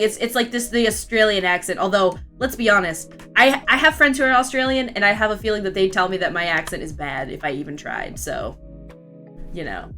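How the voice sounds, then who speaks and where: Young woman streamer, vaguely Southern, bright and giggly, rambling chat over faint music. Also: mid-range voice. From Florida, US. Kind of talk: casual chat while drawing and reading chat.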